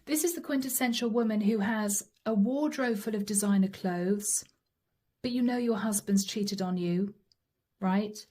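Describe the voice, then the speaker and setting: A woman's voice: mid-range voice, measured pace, dark tone. Chatty woman doing a tarot reading. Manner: chatty, dramatic, acts out quotes. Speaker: tarot reader.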